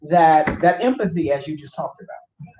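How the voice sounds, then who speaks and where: A man's voice: a little high, moderate pace, warm tone, soft background music. A man in a grief support group, asking thoughtful, probing questions. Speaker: group participant. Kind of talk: small-group discussion. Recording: roomy with faint background noise.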